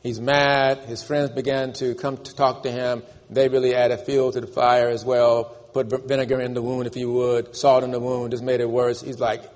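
A man's voice: medium pitch, flat delivery, moderate pace, few pauses, darkish tone. A man preaching a sermon, emphatic and calling on the congregation to repeat after him, in a church. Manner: emphatic, calls for congregation responses. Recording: long church reverb.

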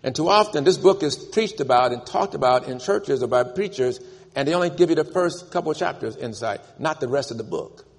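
A man's voice: medium pitch, lively intonation, a little fast. A man preaching a sermon, emphatic and calling on the congregation to repeat after him, in a church. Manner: emphatic, calls for congregation responses. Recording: long church reverb.

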